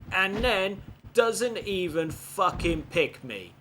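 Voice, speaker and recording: A man giving animated, expletive-laden commentary on a video game playthrough. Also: fairly high pitch, drawn-out words, slight background noise. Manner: animated, swears often, frustrated outbursts.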